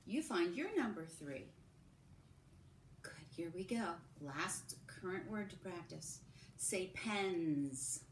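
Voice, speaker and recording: A woman teacher giving a recorded phonics lesson to young children, modelling sounds and sentences slowly. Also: lowish voice, expressive, distant mic. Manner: slow, sing-song, drawn-out modelling of sounds and sentences. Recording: echoey room with faint background hum.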